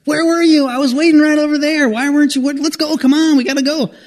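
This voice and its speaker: A man doing an excited, pushy driver. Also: very high-pitched, in a large hall, voice pushed up. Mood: urgent. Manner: insistent, rapid-fire questions.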